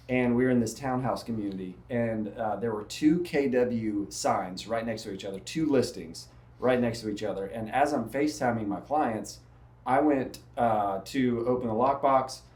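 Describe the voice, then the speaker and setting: A man's voice: medium pitch, a little mellow. A man, a real estate agent, chatting casually and laughing through his stories. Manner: laughs often while telling stories. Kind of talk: casual chat. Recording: echoey room.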